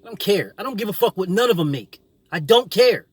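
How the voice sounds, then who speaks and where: A man's voice: high-pitched, animated, a little fast, breathy edge, dry recording. A man hosting his own boxing channel, delivering a combative, profane opinion rant full of repetition.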